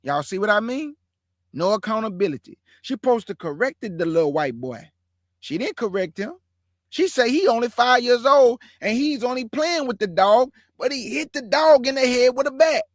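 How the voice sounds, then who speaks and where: A man with an extremely high voice is heard in studio quality, with no room sound. On his own online show he comments live to his audience, emphatic and repetitive, stretching words out for effect.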